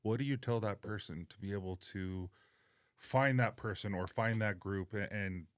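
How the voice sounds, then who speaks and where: A man hosting a casual podcast, asking searching questions in a halting way. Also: fairly low pitch. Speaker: podcast host.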